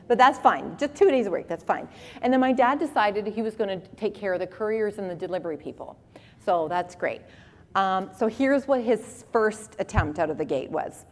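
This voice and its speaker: A woman in her forties giving a conference talk with animated, humorous storytelling. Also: mid-range voice, moderate pace. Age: 40s. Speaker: conference speaker. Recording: long reverb of a hall.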